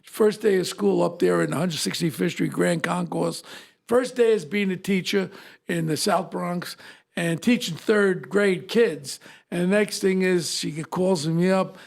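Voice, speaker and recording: Older ny guy, high gravelly voice, tells stories all animated, podcast host. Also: measured pace. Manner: animated storyteller, acts out quoted voices. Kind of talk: casual storytelling chat.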